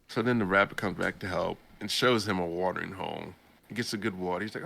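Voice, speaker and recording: Here the young podcast host talks at a quick pace in a fairly low, creaky voice that sounds pushed and bright. He laughs as he rambles through a casual retelling of a story.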